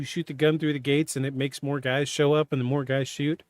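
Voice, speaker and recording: A man hosting a podcast, telling a personal story in a halting, candid, self-interrupting way. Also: mid-range voice, flat delivery. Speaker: podcast host. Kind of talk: casual storytelling.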